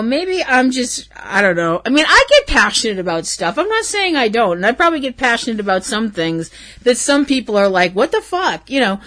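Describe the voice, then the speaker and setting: A woman hosts a casual solo podcast, talking in a loose, rambling way with plenty of ums and the odd curse word. Her voice sits a bit high and swings widely up and down as she rants. She sounds a little stuffy from hay fever. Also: fairly bright tone. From Irish and Canadian heritage. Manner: rambling and candid, with frequent ums and swearing. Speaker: podcast host.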